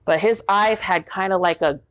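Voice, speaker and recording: A middle-aged woman telling a personal story as a podcast guest, animated, with many "like" fillers and acted-out quotes. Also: mid-range voice, moderate pace. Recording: dull lo-fi audio.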